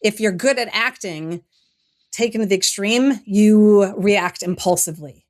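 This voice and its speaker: A middle-aged woman, a guest on an interview show, telling a personal story in a reflective way that turns animated as she retells it, often restarting her sentences. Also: medium pitch, unhurried.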